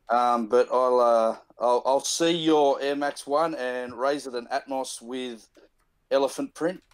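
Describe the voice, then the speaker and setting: A man on a casual panel, wry and playful, halting with fillers. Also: mid-range voice.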